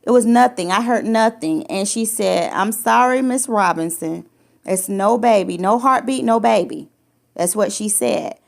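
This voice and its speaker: Gravelly-voiced woman telling a personal story. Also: mid-range voice, measured pace. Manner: emotional, repetitive restarts, acts out quoted lines. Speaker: podcast host sharing her story. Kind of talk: personal testimony, casual chat.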